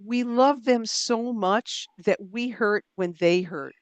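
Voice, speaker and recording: A woman's voice: a little high, slow, clear, resonant tone, no room sound, dull audio. A middle-aged woman, an author and writing coach, answering interview questions in a thoughtful, self-deprecating way with fillers and restarts. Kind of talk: conversational interview.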